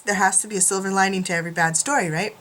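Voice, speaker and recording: A woman's voice: mid-range voice, steady tone, very fast, a bit bright. A woman vlogging from a room at home, chatting casually to camera in a self-mocking way, laughing often.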